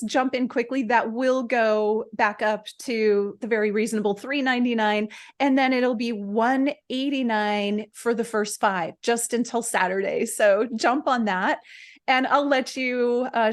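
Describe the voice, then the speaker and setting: A woman hosting an interview, talking up a course in an upbeat, sales-pitch way and wrapping up the show. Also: fairly even intonation, unhurried. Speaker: podcast host. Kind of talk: promotional interview chat.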